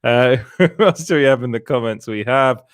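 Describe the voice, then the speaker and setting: Co-hosting a casual live stream, a man with a smooth, medium-pitched voice reads chat comments aloud at a normal pace, frequently laughing and restarting. His first language is French, and he is a podcast co-host. The recording is clean studio sound with no echo.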